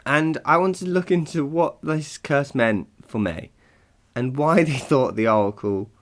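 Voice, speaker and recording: A man's voice: a little high, unhurried, a little hiss or hum. A man hosting a casual solo podcast, chatty and rambling, laughing often and poking fun at himself. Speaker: podcast host.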